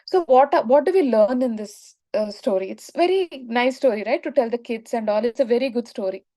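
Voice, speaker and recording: A woman's voice: on the high side, fairly quick, mellow. Woman teacher telling a story. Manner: explanatory, frequent "right?" checks. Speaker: spiritual teacher. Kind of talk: storytelling lesson.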